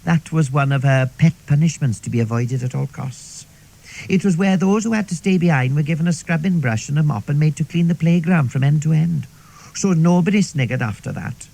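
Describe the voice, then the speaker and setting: A fairly high, gravelly yet warm male voice moves briskly over a rough recording. He's voicing a talkative middle-aged Welsh woman in a radio comedy monologue, rambling and confiding, dropping "like" and "see" throughout her stories.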